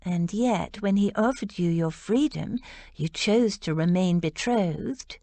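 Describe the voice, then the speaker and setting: A woman voicing a sweet, gentle young Regency lady who gushes thoughtfully. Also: on the low side, slow pace, dry recording. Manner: gentle, gushing.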